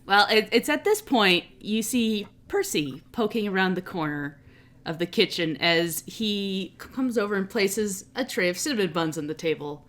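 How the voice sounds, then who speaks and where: A woman's voice: mid-range voice, animated, normal speed, fairly bright tone. A woman as dungeon master, narrating a tabletop game in an easygoing way with frequent laughs.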